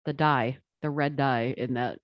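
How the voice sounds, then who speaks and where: Co-host tossing in quick quips, mid pitch, dry close mic. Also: steady tone, dry recording, highs cut off. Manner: quick quips, frequent laughter. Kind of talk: casual chat.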